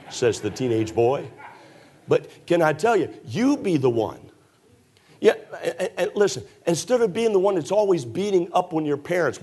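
A man's voice: sits high, sing-song, measured pace, darkish tone, slightly rough. A man preaching a sermon in a church, emphatic and folksy, teasing his listeners with sarcastic asides. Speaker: pastor.

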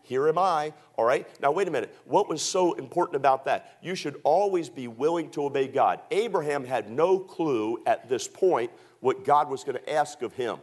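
A man's voice: on the high side, lively intonation, normal speed, few pauses, a little mellow. A male preacher delivering a sermon in an emphatic manner, repeating his points and acting out quoted voices.

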